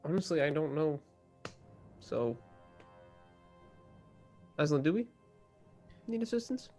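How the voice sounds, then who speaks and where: A man's voice: on the high side, sing-song, slow pace, warm tone, faint music behind. A man playing a tabletop game, giving short, dry replies. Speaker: player. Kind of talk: casual tabletop play.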